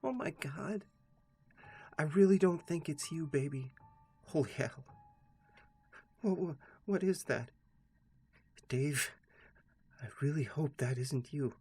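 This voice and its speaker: A man's voice: a little high, pitched above the performer's own voice. A man voicing a frightened young woman leaving voicemails, stammering and pleading.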